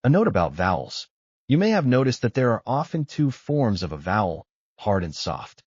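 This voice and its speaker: A man narrating a scripted language lesson, explaining rules in a measured way. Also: mid-range voice, sing-song, a little mellow, slightly rough, dry recording, lo-fi sound. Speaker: language teacher.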